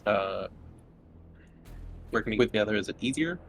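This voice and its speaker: A man playing a tabletop game, joking around in an animated way. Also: on the low side, normal speed, creaky, slight background noise. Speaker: player.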